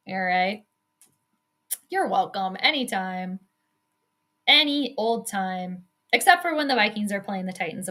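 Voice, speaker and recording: A woman hosting casual live play-by-play football commentary, animated and quick to scold and laugh. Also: mid-range voice. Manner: animated, exclaims and scolds the team, laughs often.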